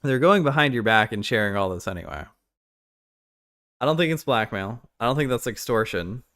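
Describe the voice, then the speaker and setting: A male streamer reacting live, blunt and profane. His pitch swings widely as he rambles and restarts. His voice sits at an ordinary middle pitch. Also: animated, normal speed, fairly bright tone.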